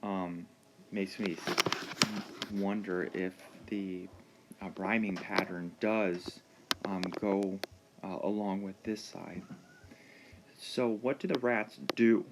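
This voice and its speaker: A man teaching a reading lesson, explaining words slowly and patiently with frequent pauses and ums. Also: sits low, steady tone, very noisy.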